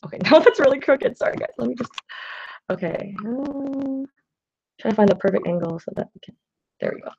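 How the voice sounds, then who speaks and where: A woman's voice: fairly high pitch, expressive, fairly quick, creaky, long pauses, a little mellow, slightly rough. A young woman chats loosely with her livestream viewers while she paints at home. She wanders from thought to thought, stacks up fillers, and laughs at herself. Her voice comes through slightly dull, lo-fi stream audio. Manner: scattered and self-deprecating, many fillers and okays. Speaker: artist livestreaming to patrons.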